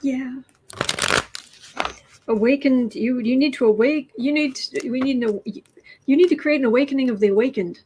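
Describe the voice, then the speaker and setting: A woman's voice: sits high, normal speed, pauses often, warm tone, a little hiss or hum, poor audio. A woman hosting a casual livestream, reading tarot cards and reacting to the news with musing, trailing thoughts, sardonic asides and occasional dips into a whisper. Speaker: tarot reader and livestream host.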